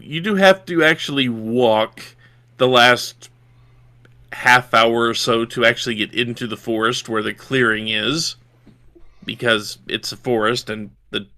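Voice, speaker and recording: A man from Yorkshire runs a tabletop session as game master, with a bright, forceful voice. He lays out scenes in detail and checks the rules aloud as he goes. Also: mid-range voice, unhurried.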